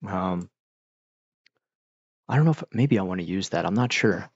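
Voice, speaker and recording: Deep gravelly middle-aged man rambling. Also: expressive, normal speed, no echo. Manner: rambling, laid-back, heavy use of "like" and "dude". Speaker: streamer. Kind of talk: casual chat with live viewers. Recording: dull, dry lo-fi mic.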